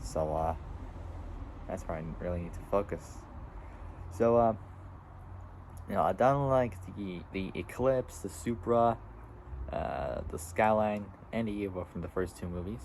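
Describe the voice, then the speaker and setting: A man's voice: sits low, lively intonation, a little slow, long pauses, a little mellow, slight background noise, low-quality recording. A seventeen-year-old boy vlogging outdoors, rambling casually with lots of fillers and restarts. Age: teens. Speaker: YouTuber. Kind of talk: casual vlog.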